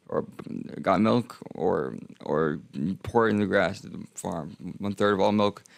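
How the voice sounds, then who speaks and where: A man with a low, gravelly voice tells a long, profane story in a casual stream. He acts out every exchange, his voice shooting up when he imitates people. The sound is dry and close to the mic. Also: no room sound. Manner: swearing, animated, acts out dialogue with rising pitch.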